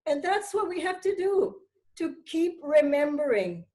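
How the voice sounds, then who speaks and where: A middle-aged woman giving a gentle, earnest spiritual talk to her followers, slowing down to stress key words. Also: high voice, very animated, low-quality recording. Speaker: spiritual teacher.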